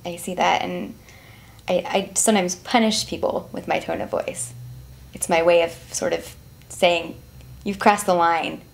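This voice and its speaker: A woman's voice: fairly low pitch, fairly even intonation, unhurried, vocal fry. A woman speaking thoughtfully and candidly about her own habits. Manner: thoughtful, candid, self-questioning. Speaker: client in session. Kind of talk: reflective conversation.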